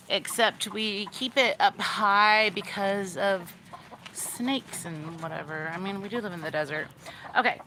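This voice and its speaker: A woman's voice: medium pitch, bright, forceful tone, slight background noise. A young woman casually rambling through a backyard tour, full of "like" and "you know," often stopping to chat with her animals outdoors. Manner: rambling, filler-heavy, chatting to her animals. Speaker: vlogger giving a backyard tour.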